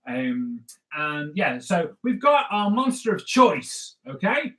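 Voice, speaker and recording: Male comics artist, slightly high voice, loose jokey drawing tutor. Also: sing-song, takes it slowly, bright, forceful tone. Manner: chatty, rambling, with jokey asides. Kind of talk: live drawing lesson.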